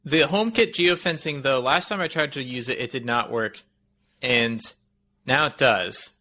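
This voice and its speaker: A man's voice: medium pitch, normal speed, sharp tone, a little hiss or hum. A man co-hosting a tech podcast, chatting casually and wandering through long explanations that he corrects as he goes. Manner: rambling, self-correcting explanations. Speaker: podcast co-host.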